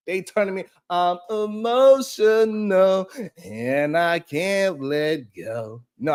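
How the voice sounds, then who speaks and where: Guy hosting a wake up show, bit high voice, laughs a lot, goes off on tangents. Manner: animated, laughing, repeats himself for emphasis. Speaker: host reacting to clips. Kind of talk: casual commentary. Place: studio.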